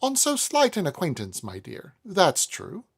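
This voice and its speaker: A stately old woman holds forth on her family's noble blood, fond yet lofty, in a lilting, lively voice that a male reader puts on. Her tone climbs and falls a lot, with a gravelly grain beneath it. She sounds like a proud grande dame in a classic storybook. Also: unhurried, full character voice. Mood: confiding. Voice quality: raised pitch, put-on Welsh lilt.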